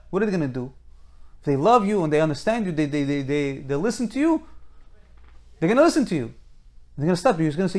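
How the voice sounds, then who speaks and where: A man's voice: on the high side, very animated, fast talker, pauses often. A man giving an informal Torah lecture, emphatic and full of rhetorical questions, often restarting his sentences. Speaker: Torah teacher.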